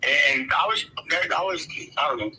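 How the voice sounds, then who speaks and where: A man with a very bright, slightly high voice tells a rambling story over casual chat. He swears freely and circles back on his sentences, with a faint hiss of noise behind him. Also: expressive, normal speed, low-quality recording. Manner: rambling, swears freely, laughs through tense moments. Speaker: guest storyteller.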